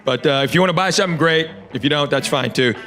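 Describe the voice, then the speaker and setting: A man's voice: on the high side, quick pace, fairly bright tone. A man from Tennessee, performing a stand-up comedy set and joking casually with the crowd on a theater stage. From Tennessee, USA.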